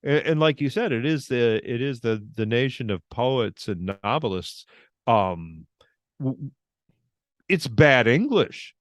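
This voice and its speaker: A man co-hosting a casual political chat, wry and quick to laugh. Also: mid-range voice, lively intonation, no echo, clean studio sound. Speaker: co-host.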